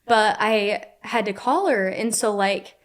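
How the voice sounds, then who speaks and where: A young woman telling a personal story as a podcast guest, animated, with lots of "like" fillers, acting out what people said. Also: medium pitch, slow. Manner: animated, frequent "like" fillers, acts out quotes. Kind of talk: casual storytelling.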